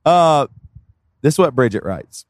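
A man's voice: mid-range voice, big pitch swings, measured pace, no room sound, studio quality. A man co-hosting a podcast, chatting casually and laughing often as he reads posts aloud. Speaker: podcast co-host.

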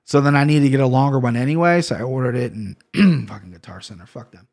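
A man's voice: mid-range voice, quick pace. Profane, rambling man ranting to camera. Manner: profane, rambling, swings into loud mock outrage. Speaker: YouTuber talking to camera. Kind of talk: casual solo rant about gear and fight news.

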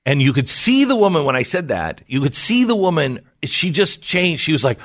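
A middle-aged man hosting talk radio, spinning wry, self-mocking stories. His pitch swings widely as he talks. The sound is dry and close, with no room behind him. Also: very animated, normal speed, fairly bright tone, dry recording. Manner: storytelling, wry and self-mocking, laughs at own jokes. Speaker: radio talk show host. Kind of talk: casual talk radio chat.

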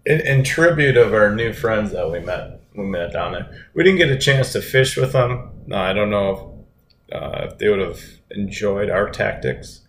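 Low-voiced easygoing man, echoey room. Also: expressive, moderate pace, fairly bright tone. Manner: easygoing storyteller, dry humor. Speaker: podcast co-host. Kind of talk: casual chat. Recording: roomy echo, faint rumble.

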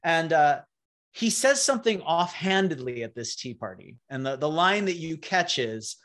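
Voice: mid-range voice, big pitch swings, moderate pace, fairly bright tone. A game master narrating a tabletop game, setting scenes in a playful, vivid way.

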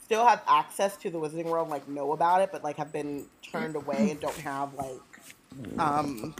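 A woman with a notably low voice talking casually on a book podcast. She thinks aloud and wanders through her points with plenty of fillers. Her tone stays loose and playful. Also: normal speed, background noise. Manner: rambling, filler-heavy, playful. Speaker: podcast co-host. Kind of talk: casual chat.

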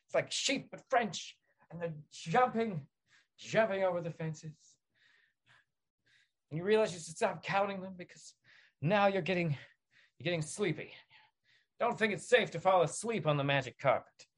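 Man narrating a mock-calm guided visualization. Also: sits high, normal speed, long pauses. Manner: deadpan mock-soothing, rambling with restarts. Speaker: podcast host.

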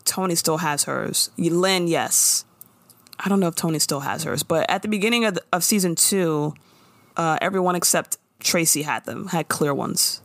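A woman co-hosting a casual chat, recapping a TV episode with animated storytelling and acted-out lines. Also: on the low side, normal speed, dry recording. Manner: animated storytelling, acting out characters' lines with laughs. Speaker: podcast co-host recapping a TV episode.

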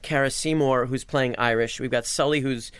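Podcast host guy, smooth clear voice, dry sound. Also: mid-range voice, steady tone, normal speed, a bit bright, dry recording. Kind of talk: casual interview chat. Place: Los Angeles studio.

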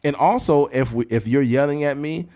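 A man co-hosting a casual podcast chat, lively and animated, acting out quotes in high mocking voices. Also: moderate pace. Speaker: podcast co-host.

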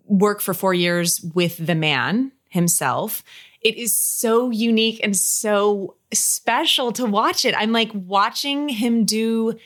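Her mid-range voice moves slowly as she talks into a podcast mic. This actress, a guest on an interview, is chatty and effusive, constantly restarting sentences and leaning on fillers.

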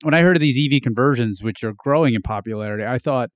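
A man's voice: mid-range voice, quick pace, dry recording, clean studio sound. A man hosting an interview podcast, talking casually and chattily, often nodding along with short agreements. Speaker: podcast host. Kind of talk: interview conversation.

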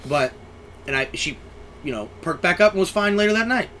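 Young dude telling a wild sailor story, swears a lot, voice jumps around, bit of noise. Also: male voice, high-pitched, fairly quick. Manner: crude, self-mocking, animated storyteller. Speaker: podcast co-host, sailor. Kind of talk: casual chat, storytelling.

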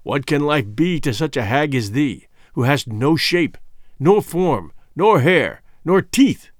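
A man voicing a stern, commanding king in an audiobook, with measured, grave pronouncements. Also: on the high side, animated, no room sound, studio quality. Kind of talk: audiobook character voice.

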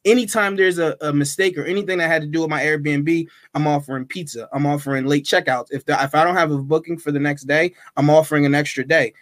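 A man guest on a podcast, telling a story in a chatty, animated way with lots of fillers. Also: fairly high pitch, quick pace, few pauses, dry recording, clean studio sound. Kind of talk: casual storytelling.

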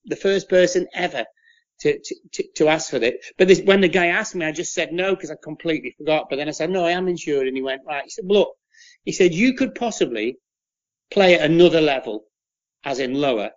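A man tells long anecdotes in a casual, rambling way, often stumbling over repeated words and slipping into the voices of people he quotes. His voice sits a little high for a man. The sound is slightly muffled and dull. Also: expressive, fairly quick. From England. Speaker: interview guest, former footballer.

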